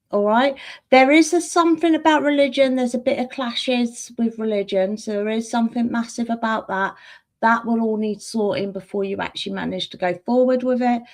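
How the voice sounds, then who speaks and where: A woman's voice: on the high side, a little mellow. Soothing woman reading tarot. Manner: soothing, calls viewers sweetheart and darling; chats and laughs while reading. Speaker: tarot reader and clairvoyant. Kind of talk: live-stream tarot reading.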